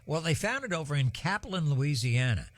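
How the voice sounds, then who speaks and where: An older man from spins a long, wandering story on live storm coverage. He fills pauses with plenty of ums and uhs in an easygoing drawl. The sound is dry and close, with no room echo. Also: on the high side, big pitch swings. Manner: rambling, many ums and uhs, folksy. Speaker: broadcast weather host.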